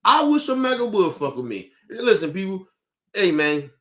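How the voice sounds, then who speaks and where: Heated, cursing man with a high voice. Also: sing-song, moderate pace, a bit bright. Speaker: podcast host. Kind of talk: profane rant on a talk show.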